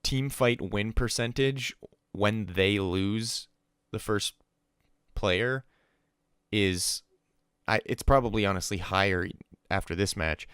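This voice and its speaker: A young podcast host with a smooth, resonant, low voice, talking in a loose, chatty way and mimicking people in quick put-on voices. The sound is dry and close, with no room echo. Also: male voice, a bit bright. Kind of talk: casual esports podcast chat. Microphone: call recording with a remote co-host.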